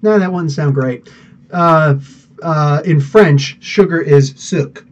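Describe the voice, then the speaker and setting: A podcast host with a slightly high voice speaks slowly while answering live chat in a casual live stream. He is far from the mic with the highs cut off, chatting loosely, laughing often and using lots of fillers.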